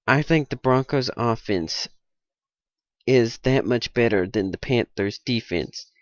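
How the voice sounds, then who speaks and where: A man's voice: mid-range voice, slow, no echo. A man hosting his own video, rambling and poking fun at himself, with bursts of mock-indignant ranting. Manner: rambling, self-mocking, jumps into mock-indignant rants. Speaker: video host giving sports picks. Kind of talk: casual rambling monologue. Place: at home at a computer. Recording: dull, dry lo-fi audio.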